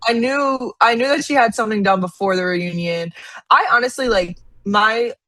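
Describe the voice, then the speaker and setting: A young woman co-hosting a podcast in casual chat, talking fast and loose with lots of "like" and frequent laughs. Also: on the high side, bright, forceful tone, dry recording. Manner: chatty, lots of "like", laughs often. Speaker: podcast co-host.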